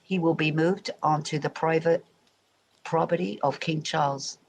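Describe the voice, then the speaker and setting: A livestream host from England with an English accent softened by years in America, chatting loosely and talking straight to viewers. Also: medium pitch, steady tone, unhurried, vocal fry, a little hiss or hum, poor audio. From England, Royal Berkshire. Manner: rambling, chatty, addressing viewers directly. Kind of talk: casual livestream chat.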